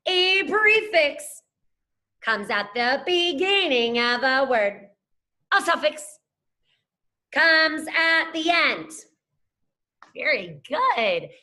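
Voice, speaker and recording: A woman's voice: high voice, sing-song, drawn-out words, long pauses, pushed and bright. A young adult woman teacher giving a phonics lesson to children, upbeat and encouraging, talking to them as friends. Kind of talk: scripted classroom lesson to camera.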